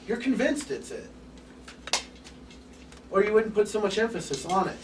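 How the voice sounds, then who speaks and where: Man, lecturer, animated, casual, higher voice, distant room mic, hissy recording. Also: moderate pace, reverberant. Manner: animated, swears casually, acts out little scenes. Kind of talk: open forum lecture. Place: room with an audience. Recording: distant mic with background hiss.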